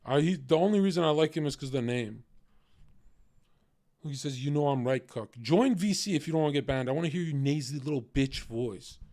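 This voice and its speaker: A man's voice: fairly high pitch, lively intonation, fairly quick, a little mellow, no echo. Man, livestream host, casual rant, profane, mocking, dry close sound. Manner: profane, taunting his chat.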